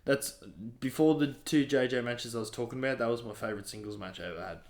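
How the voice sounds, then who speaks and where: A man's voice: mid-range voice, fast talker. A man, a wrestler chatting casually as a guest, rambling and laughing often. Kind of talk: casual chat.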